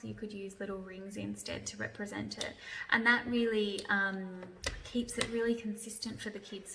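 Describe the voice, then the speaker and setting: A young adult woman who teaches literacy patiently walks through a classroom activity step by step, giving examples for an instructional video. Her voice is medium-pitched and fairly bright, heard from a distance in an echoey room with faint noise.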